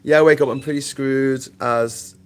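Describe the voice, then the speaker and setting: A man's voice: medium pitch, a little slow, clear, resonant tone. A man hosting a casual livestream chat, rambling and swearing freely. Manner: rambling, sweary, animated asides. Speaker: livestream host.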